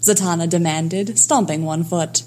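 A woman narrating a fan fiction story in a lively storytelling manner. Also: fairly low pitch, measured pace, slight background noise.

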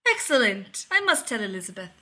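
A woman's voice: a little high, animated, normal speed, bright, forceful tone. Woman doing a sly, gossipy male lab colleague. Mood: teasing.

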